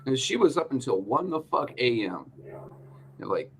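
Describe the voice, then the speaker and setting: A man's voice: medium pitch, very animated, normal speed, a little hiss or hum. A male show host ranting in casual chat, joking and swearing freely.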